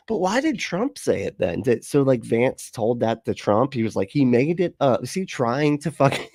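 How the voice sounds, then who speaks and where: A man's voice: medium pitch, a little mellow, no echo, studio quality. A man hosting a casual livestream, talking loosely and mockingly, often laughing and swearing as he reacts to clips. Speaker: livestream host.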